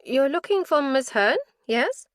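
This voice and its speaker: A brisk young nurse with a bright, high-pitched voice, as a woman narrator puts her on. She answers questions quickly and helpfully from behind a station desk. The audiobook recording is close and dry. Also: lively intonation, no room sound.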